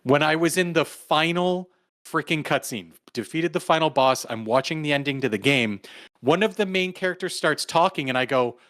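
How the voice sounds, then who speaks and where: A man's voice: a little high, expressive, moderate pace, fairly bright tone, no echo, studio quality. A man co-hosting a podcast in casual chat, rambling along with plenty of "like" and "um". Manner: rambling, full of "like" and "um". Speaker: podcast co-host.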